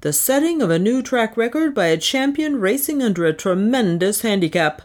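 A pompous male race official booms out his proclamation, as a woman storyteller plays him. His delivery is lofty and announcer-like, pitched higher than her own voice. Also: animated, moderate pace, darkish tone, close to an everyday voice. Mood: grandiose. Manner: grand, announcer-style proclamation.

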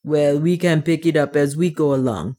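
A loyal dwarf servant speaks plainly and calmly, as a woman reader puts him on. His voice sits low and even. He stays steady and matter-of-fact. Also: moderate pace.

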